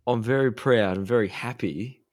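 A man chatting on a podcast, cracking deadpan jokes and chuckling. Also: medium pitch, moderate pace. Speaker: podcast co-host. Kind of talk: casual podcast banter.

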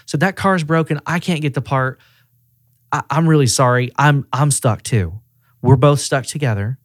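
Medium in pitch and moderate in pace, the man's voice is captured cleanly in a studio without any room sound. He oversees auto repair shops regionally and, during an easygoing podcast interview, animatedly acts out what people said in his anecdotes.

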